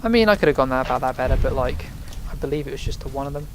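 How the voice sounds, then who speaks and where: A man's voice: mid-range voice, lively intonation, very fast, noisy background. A man giving rambling, casual commentary while playing a video game, sometimes swearing when startled. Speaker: let's play host.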